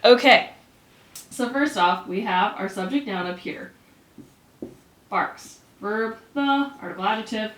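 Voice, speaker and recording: Woman, teacher, upbeat grammar lesson, animated delivery, roomy echo. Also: mid-range voice. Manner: upbeat and animated, quick bursts of excitement. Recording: echoey room.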